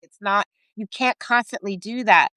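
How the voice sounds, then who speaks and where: Woman host, smooth clear voice, dry close sound, gets emotional. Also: mid-range voice, normal speed, no room sound. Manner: warm-hearted, emotional, animated. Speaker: podcast host. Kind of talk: casual conversation.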